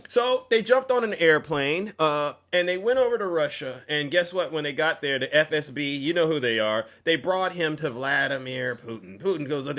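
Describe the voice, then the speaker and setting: A man's voice: fairly high pitch, moderate pace, hardly any pauses. Mocking, fiery male commentary host. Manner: mocking, preachy, shouts for emphasis.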